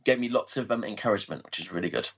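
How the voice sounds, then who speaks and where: A man's voice: on the low side, rapid-fire, fairly bright tone, breathy edge. A man co-hosting a podcast, telling stories in a rambling, hesitant way full of fillers and restarts. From family from Scotland. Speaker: podcast co-host. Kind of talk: casual chat.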